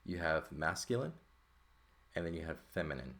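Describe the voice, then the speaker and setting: A man's voice: rumbling low, sing-song, moderate pace, a bit bright. A man teaching a Greek grammar lesson, explaining terms casually and often checking in with "right?" as he goes. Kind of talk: casual textbook lesson walkthrough.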